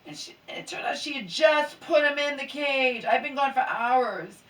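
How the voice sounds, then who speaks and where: A woman's voice: sits high, lively intonation, normal speed, a bit bright. A sleepy, mildly hungover woman venting in a rambling late-night chat that often sinks to a near whisper. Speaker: vlogger. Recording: roomy echo, mic at a distance, faint background hiss.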